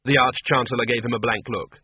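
A man narrating a comic fantasy novel in a dry, even storytelling manner. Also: mid-range voice, fast talker, breathy edge, no echo. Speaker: audiobook narrator. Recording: tinny phone-like, dry audio.

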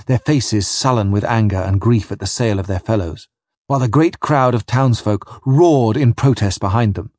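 A man reading a first-person adventure story aloud with vivid, dramatic storytelling in a husky voice. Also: fairly low pitch, a little mellow, no echo. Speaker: narrator.

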